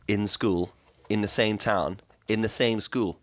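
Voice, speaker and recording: A man's voice: on the low side, measured pace. Young man with a mixed South African–Northern Irish accent. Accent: South African with Northern Irish influence. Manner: animated storyteller, swears freely, mimics voices. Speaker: podcast co-host. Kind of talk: casual chat.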